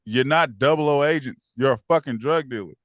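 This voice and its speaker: A man co-hosting a casual TV recap podcast, animated and acting out characters in raised voices. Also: mid-range voice, a little fast, no room sound. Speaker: podcast co-host.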